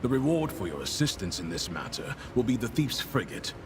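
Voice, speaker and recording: A man's voice: medium pitch, sing-song, brisk, background noise, natural voice. An actor playing a stern male enforcer officer who gives formal, clipped orders.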